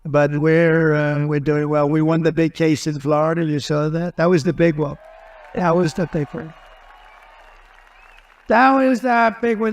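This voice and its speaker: With some chatter audible in the background, a political candidate gives a meandering rally speech in a raised, fairly high voice, at a measured pace with fairly even intonation. He keeps repeating phrases as he shifts topics, combative and certain the whole way.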